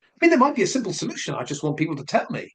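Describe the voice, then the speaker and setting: A man's voice: a little high, huge pitch swings, rapid-fire, vocal fry, fairly bright tone, slight background noise. A man giving casual spoken commentary, asking questions and speculating, repeating his points as he goes. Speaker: commentary vlogger.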